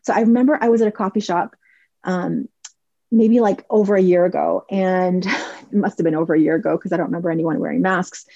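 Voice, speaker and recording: A woman's voice: fairly low pitch, fairly even intonation, fairly quick, dark tone, dry recording, muffled recording. A woman in her forties hosting a podcast, chatting casually and telling stories while acting out other people's lines. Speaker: podcast host. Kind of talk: casual advice talk.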